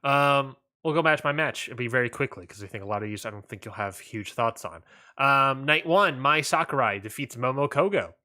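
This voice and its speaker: A bright, forceful-toned man co-hosting a relaxed wrestling podcast. He rambles in a laid-back way and lets his sentences trail off into near-mumbles. His pitch sits mid-range for a man. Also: a little fast. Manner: laid-back, trails off, drops quiet at line ends. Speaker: podcast co-host. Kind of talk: casual wrestling podcast chat.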